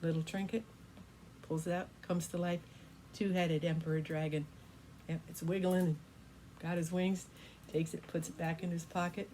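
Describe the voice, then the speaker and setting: Gentle folksy older woman storyteller. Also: fairly low pitch, level tone, moderate pace, long pauses, a little hiss or hum. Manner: gentle, folksy, with fillers like "kinda" and "you know". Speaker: grandmother storyteller. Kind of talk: improvised bedtime story narration.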